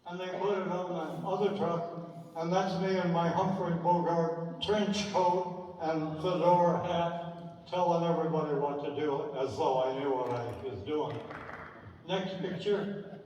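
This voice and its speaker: An older man with a fairly high voice reminisces casually over a slideshow, clicking through old photos and telling chatty anecdotes with dry asides. He sounds far from the mic, and his voice echoes through a large theater with a long reverb tail.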